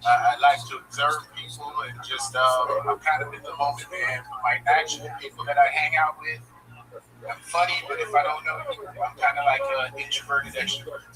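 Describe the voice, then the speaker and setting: A man's voice: a little high, little pitch movement, fairly quick, distant mic, over music, poor audio. Laid-back crude-talking man. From Florida. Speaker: guest comedian.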